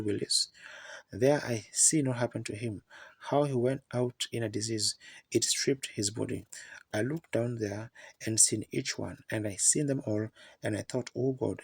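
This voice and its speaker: A man preaching a sermon, telling folksy stories in plain rural grammar with a gravelly, raspy voice. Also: medium pitch, no echo.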